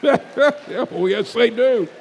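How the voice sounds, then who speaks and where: A man preaching a sermon to a congregation, swinging between soft asides and loud, drawn-out emphatic words. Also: extremely high pitch, animated, creaky, some chatter behind, slight background noise. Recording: long reverb of a large hall.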